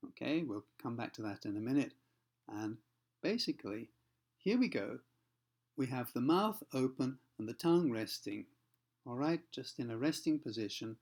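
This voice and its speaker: A man teaching pronunciation, explaining patiently, slowing down to demonstrate sounds and often checking in with the listener. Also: mid-range voice, a little mellow. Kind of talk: explanatory lesson for learners.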